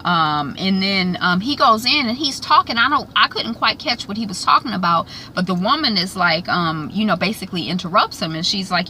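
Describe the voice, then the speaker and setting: A woman host chatting casually in a vlog recap, rambling with many fillers and restarts, now and then bursting with excitement. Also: lowish voice, normal speed, few pauses, a little hiss or hum.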